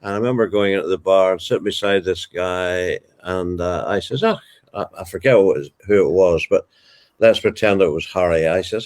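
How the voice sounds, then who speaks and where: An older man with a broad Ballymena Northern Irish accent recalls his younger days in a relaxed interview. His voice sits very low and deep. He tells it as a fond storyteller, with homely asides. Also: a little fast. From Ballymena, Northern Ireland. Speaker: guest, television broadcaster.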